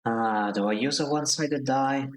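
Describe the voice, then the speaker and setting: A man streaming a narrative game, reading the text aloud at a middle pitch. He breaks in with relaxed, joking asides between passages. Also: normal speed, poor audio.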